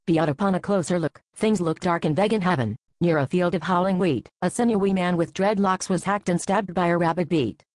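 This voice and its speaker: A woman narrating a satirical fairy tale in a deadpan scripted style. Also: fairly low pitch, a little fast, few pauses, dry recording, rough recording. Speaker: storyteller.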